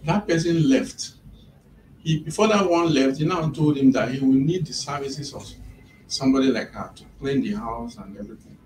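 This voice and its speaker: A man's voice: fairly high pitch, moderate pace, a little mellow, slight background noise. A man, retelling events step by step as an employer's representative in a mediation session. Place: office. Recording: echoey room from a distant mic.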